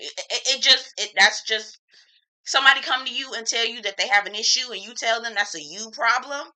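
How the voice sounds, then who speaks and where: Bright, frank woman recapping a show. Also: fairly high pitch, fairly quick, poor audio. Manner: animated, opinionated, frank, slangy. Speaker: TV reviewer. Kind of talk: casual TV episode recap.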